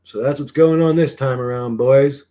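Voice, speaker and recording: A man's voice: mid-range voice, normal speed, dark tone. Casting: male streamer, casual off-the-cuff chat, mid-range voice, loose and meandering, casual swearing. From Greek heritage. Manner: rambling, swears casually, trails off with fillers. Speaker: livestream host. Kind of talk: casual rambling livestream chat.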